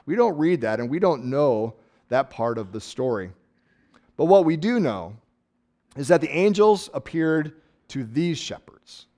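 A man preaching a sermon in a conversational, reflective way, slowing down to stress key words. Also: a little high, darkish tone. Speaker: pastor.

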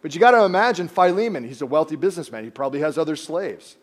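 Guy preaching, kinda high voice, gets loud then goes real quiet for emphasis. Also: very fast. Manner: animated preaching, acting out voices of biblical figures, dropping to quiet emphasis. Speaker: pastor. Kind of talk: sermon.

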